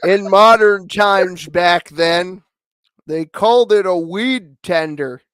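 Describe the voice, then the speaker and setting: Guy doing a slow solemn old storyteller voice, drawn out and loud, kinda high, dry sound. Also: clear, resonant tone, dry recording. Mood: mock solemn.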